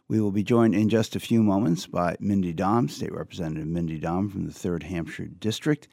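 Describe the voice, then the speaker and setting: A male radio talk show host, reading an opinion piece aloud with earnest, measured commentary and some halting restarts. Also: mellow, no room sound, studio quality. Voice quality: low gravelly voice. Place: radio studio.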